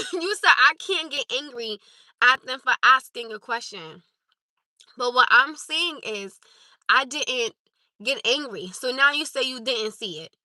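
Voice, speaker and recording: A woman with a high, very bright voice talks straight to her live chat as host. She is emphatic and insistent and keeps driving her points home. The sound is close and dry. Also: unhurried, no echo. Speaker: livestream host. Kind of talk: live stream chat with viewers.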